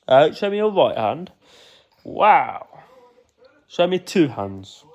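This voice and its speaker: Man, father playing with a toddler, teasing sing-song talk, slow easy pace. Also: a little high, sing-song, lo-fi sound. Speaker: father playing with his child.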